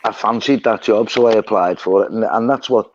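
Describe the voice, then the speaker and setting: A man's voice: on the low side, brisk, muffled recording, a little hiss or hum. A man with a Liverpool accent hosting a live stream, rambling through stories and laughing often. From Liverpool, England. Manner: chatty, rambling storyteller who laughs often. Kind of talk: casual chat. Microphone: phone.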